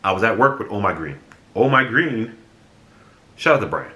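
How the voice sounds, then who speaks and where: A young man with a low, bright-edged voice spins a casual story for his viewers. He talks bluntly and with energy, and swears freely. The sound bounces around an echoey room. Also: big pitch swings, moderate pace. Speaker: vlogger.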